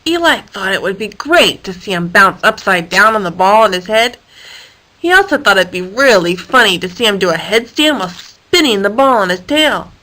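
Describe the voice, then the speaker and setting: Give me a woman narrating a children's story in a lively, playful read-aloud. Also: mid-range voice, normal speed, rough recording. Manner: playful, animated reading with sound effects.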